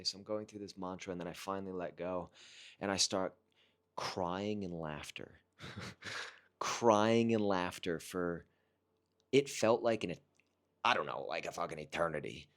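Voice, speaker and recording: Earnest low-voiced man telling his story. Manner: earnest and reflective, with halting restarts. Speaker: vlogger recounting a personal experience. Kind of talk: casual personal storytelling.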